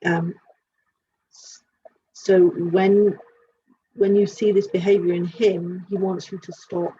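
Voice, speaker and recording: A woman working as an animal communicator, giving a live reading and thinking aloud in halting, searching phrases. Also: lowish voice, level tone, warm tone. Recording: dull lo-fi sound with faint hiss.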